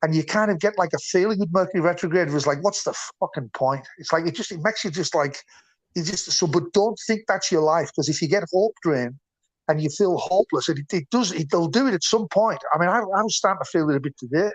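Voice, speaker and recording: Male guest musician, slightly higher voice, earnest and rambling. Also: quick pace. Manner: rambling, earnest, trails off mid-sentence. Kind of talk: casual chat.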